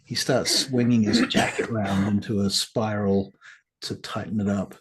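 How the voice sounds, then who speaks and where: A man's voice: on the low side, little pitch movement, moderate pace, a little hiss or hum. A man narrating as game master of a tabletop roleplaying game, casual and swearing.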